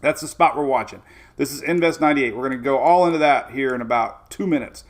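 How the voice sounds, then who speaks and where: Gravelly-voiced man hosting weather livestream. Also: medium pitch, fast. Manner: energetic, rambling, greets viewers by name. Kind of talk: casual livestream chat.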